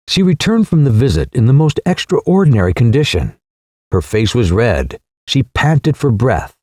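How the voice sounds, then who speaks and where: A male audiobook narrator reading a classic novel in a measured, expressive manner. His pitch ranges widely and his tone is mellow and warm. The recording is dry and close. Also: dry recording. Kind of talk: scripted narration.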